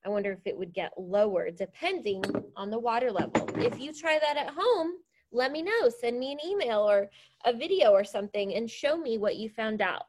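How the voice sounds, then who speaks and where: Upbeat teacher woman, fairly high voice. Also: animated, moderate pace, a little mellow. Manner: upbeat, encouraging, explains step by step. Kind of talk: classroom science demonstration.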